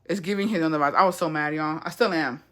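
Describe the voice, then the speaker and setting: Speaking fast in a deep, slightly bright voice, a young woman from Texas hosts an indoor livestream and tells a story. She's blunt, swears heavily and drops Spanish phrases into her casual chat.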